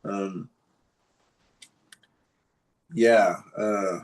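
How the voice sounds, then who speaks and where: A man's voice: on the low side, drawn-out words. A man co-hosting a podcast, telling a story in a rambling, casual way with lots of fillers. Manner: rambling, many fillers, animated retelling. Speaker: podcast co-host.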